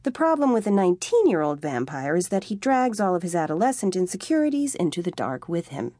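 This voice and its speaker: A woman narrating a comic novel with a wry, expressive reading, close to a studio mic. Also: lowish voice, fairly quick, dry recording. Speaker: audiobook narrator. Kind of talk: scripted narration. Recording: dry studio audiobook.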